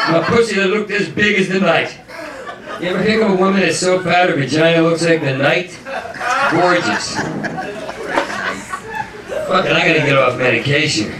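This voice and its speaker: A stand-up comic, delivering manic, profane rants, often shouting and laughing. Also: male voice, a little high, normal speed, long pauses, far from the mic. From New York. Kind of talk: stand-up comedy. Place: comedy club. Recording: roomy club recorded from afar with crowd.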